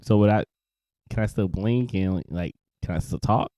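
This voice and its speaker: A man's voice: on the low side, moderate pace, mellow, no room sound. A young man co-hosting a podcast in a loose casual chat, trailing off, restarting and laughing often. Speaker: podcast co-host.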